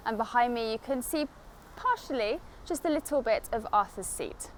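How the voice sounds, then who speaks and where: A woman with a South East England estuary London accent, giving a spoken English lesson to camera in a clear, deliberate teaching manner. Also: on the high side, animated, slight background noise. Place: outdoors in a city.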